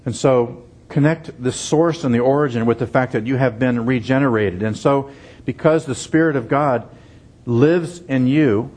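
A man's voice: medium pitch, moderate pace, darkish tone. A middle-aged man delivers an expository sermon in a mid-range voice. He is earnest and emphatic. He leans on repeated phrases to drive each point home. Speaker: pastor.

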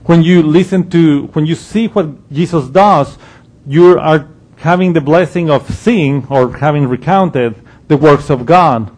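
A man's voice: fairly high pitch, a little slow, darkish tone. Man giving a conversational Bible lesson. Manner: conversational, explanatory, with frequent restarts and ums. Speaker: Bible teacher. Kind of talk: expository Bible teaching.

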